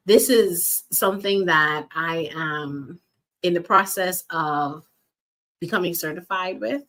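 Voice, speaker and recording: Lower-voiced woman giving earnest faith talk. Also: fairly bright tone. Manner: earnest, repeats key phrases, addresses listeners directly. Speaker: faith-based life and wellness coach. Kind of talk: faith-based motivational monologue.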